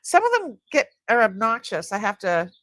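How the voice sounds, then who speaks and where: A woman's voice: on the high side, sing-song, moderate pace, fairly bright tone, no room sound. A middle-aged woman hosting a live jewelry sale, chatting casually with her viewers, often laughing and trailing off mid-sentence. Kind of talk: casual live-stream chat.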